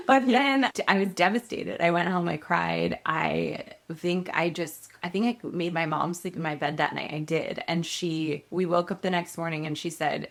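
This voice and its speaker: A guest actress in her thirties tells a story casually during an interview, animatedly acting out the voices of the people in it. Her voice is lowish with vocal fry, moving at normal speed with hardly any pauses.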